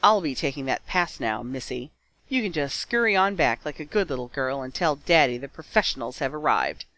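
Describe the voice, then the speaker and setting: Snide pushy newswoman, low quiet sneer, guy reading her lines. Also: animated, fairly quick, no echo. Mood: scornful. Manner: scornful, condescending. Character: sneering bulky female rival reporter.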